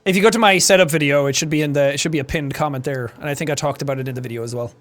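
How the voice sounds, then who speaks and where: A man's voice: fairly high pitch, very fast. A young Irish man livestreaming from a home setup, chatting casually and joking as he reads chat, with a clean studio mic. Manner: joking, animated, mimics accents for laughs. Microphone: studio shotgun mic with filters.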